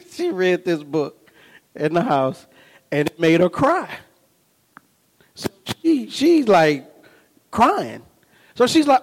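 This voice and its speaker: A man preaching a sermon, animated and humorous, telling stories and often asking the congregation whether they follow him. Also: very high voice. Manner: humorous storytelling with laughs. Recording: long reverb of a large hall.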